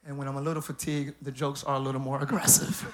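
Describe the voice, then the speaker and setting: A man preaching a live church sermon as pastor, joking with the congregation, hyped up and breaking into shouts and laughs. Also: medium pitch, level tone, quick pace, heavy background noise. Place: church service.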